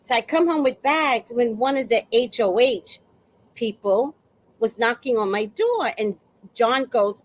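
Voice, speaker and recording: A woman tells a personal story in a relaxed, chatty monologue. Her voice sits a little high and moves animatedly up and down. She acts out both sides of each exchange as she goes. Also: a little slow, rough recording.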